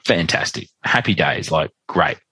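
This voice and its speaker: Man, deep voice, husky, dry close sound, chatty personal storytelling, podcast guest. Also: animated, unhurried, sharp tone, no echo. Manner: chatty, re-enacts dialogue, many "like" fillers.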